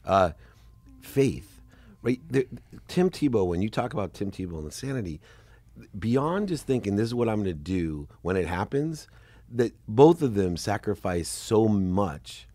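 Deep-voiced man in his fifties, animated. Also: measured pace, dry recording. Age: 50s. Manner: animated, rambling, laughs often. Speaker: podcast host. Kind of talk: conversational interview.

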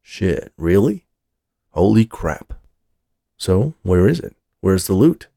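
A man doing a gravelly crooked cop. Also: big pitch swings, slow pace, dark tone, no echo, clean studio sound, exaggerated voice. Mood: scornful. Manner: low gravelly threatening tone. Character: menacing crooked police officer, man.

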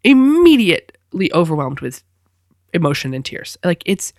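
A woman's voice: moderate pace, no room sound. Woman host, 30s, casual chatty monologue, laughs a lot, dry close sound. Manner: animated, laughing, swoops into high squeals. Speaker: podcast host.

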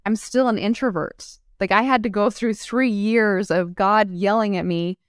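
A woman's voice: mid-range voice, moderate pace, no room sound, studio quality. A woman guest on an interview, chatting casually and acting out stories with frequent laughs. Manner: animated storyteller who acts out quotes and laughs often. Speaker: guest entrepreneur.

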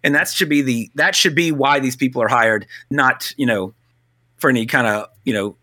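A man co-hosting a casual film talk, blunt and animated, swearing now and then. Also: mid-range voice, normal speed. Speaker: podcast co-host.

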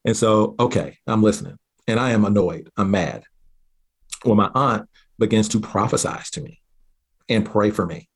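A man from southeastern Oklahoma, a guest earnestly telling a personal story with halting restarts. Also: on the low side, fairly even intonation. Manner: earnest, halting restarts, slows down at key moments.

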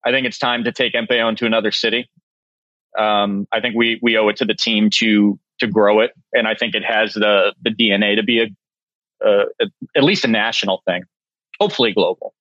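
A man's voice: fairly low pitch, steady tone, fairly quick, pushed and bright, no echo, muffled recording. Wry self-mocking chef in his forties. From Massachusetts. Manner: dry, self-mocking, laughs often. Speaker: chef, guest. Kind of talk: casual interview chat.

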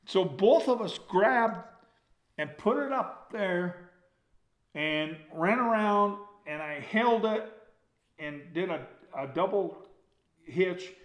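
An older man tells a rambling, folksy story to a gathered audience, acting it out with his hands. His voice sits a little high for a man. It rings with a noticeable room echo. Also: lively intonation, slow, long pauses. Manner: folksy, rambling, acts out with gestures.

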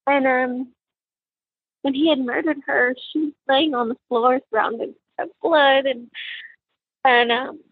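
A woman, a mother, recounting a personal tragedy in halting, emotional speech with many fillers and restarts. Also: high voice, steady tone, breathy edge, no room sound, phone-quality sound. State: tearful, emotional. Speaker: mother of a crime victim.

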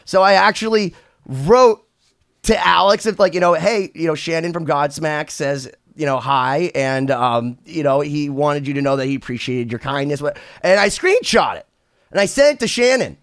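Male podcast host, higher-pitched, swears a lot, dry close mic. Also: moderate pace, dry recording. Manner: animated storyteller, swears freely, jokey tangents. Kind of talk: casual chat.

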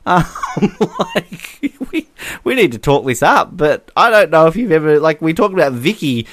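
A man's voice: fairly high pitch, sing-song, moderate pace. A man co-hosting a podcast, chatting casually and acting out quotes with lots of laughs. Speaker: podcast co-host. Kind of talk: casual chat. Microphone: podcast mic.

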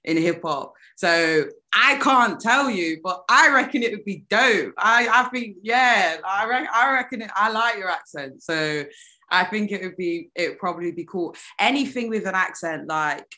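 Lively woman, bright tone. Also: mid-range voice, moderate pace. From United Kingdom. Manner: animated, laughs often, trails off mid-sentence. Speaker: musician guest. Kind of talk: casual interview chat.

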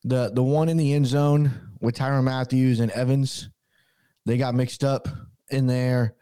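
A man hosting a sports podcast, walking through game plays in a measured, casual way. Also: mid-range voice, steady tone, warm tone, clean tone, no room sound. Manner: measured, breaks down plays with restarts. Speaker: podcast host.

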